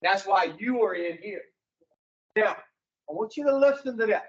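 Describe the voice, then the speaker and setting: A man's voice: high voice, animated, moderate pace, highs cut off. A man speaking to an addiction recovery group in a folksy, preaching way, putting rhetorical questions to his listeners.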